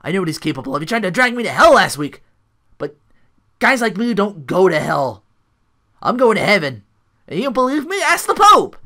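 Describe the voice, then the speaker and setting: A man doing a loud impression of a cocky, boastful male wrestling champion who trash-talks his rivals. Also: high voice, very animated, brisk, long pauses, voice pushed up, full character voice. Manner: loud taunting trash talk.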